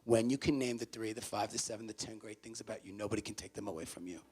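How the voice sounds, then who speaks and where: A man speaking as a motivational speaker to a college audience. He is emphatic and repeats his key phrases, swinging from loud to hushed. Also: on the low side, fast talker, slightly rough. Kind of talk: motivational talk to students. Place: college event before a student audience.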